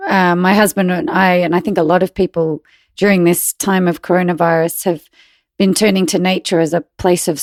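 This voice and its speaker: A woman co-hosting a spiritual podcast, telling a personal story in a relaxed way with fillers. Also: on the low side, no room sound, studio quality. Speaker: podcast co-host. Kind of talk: casual conversation.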